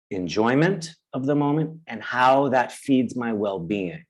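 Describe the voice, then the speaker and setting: A man presenting a webinar who acts out inner voices with sudden high cries and keeps checking in with his audience. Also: low-quality recording. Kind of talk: webinar teaching.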